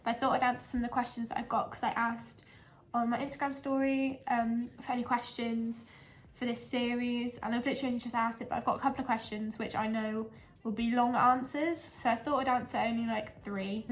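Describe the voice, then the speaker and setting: A young woman with a slightly high voice chats away in a casual kitchen vlog, rambling and giggly, a little out of breath. She is picked up by a camera mic that catches faint background noise. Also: steady tone, brisk. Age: young adult. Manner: chatty, rambling, giggly asides. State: a bit out of breath. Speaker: lifestyle blogger. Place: home kitchen, indoors.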